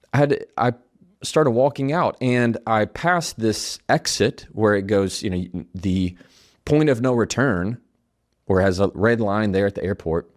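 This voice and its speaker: A man giving a motivational talk, coaching the listener directly and telling a story with animated delivery. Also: lowish voice. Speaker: attorney giving life advice.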